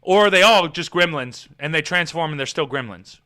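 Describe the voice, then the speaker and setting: A man recapping a movie on a casual live stream, excitable and profane, often laughing as he retells scenes. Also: fairly high pitch, brisk.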